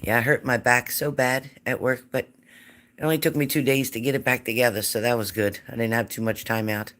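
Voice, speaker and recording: A woman's voice: rumbling low, steady tone, fairly quick, a bit bright. A woman hosting a live psychic reading stream, chatting casually and greeting viewers by name.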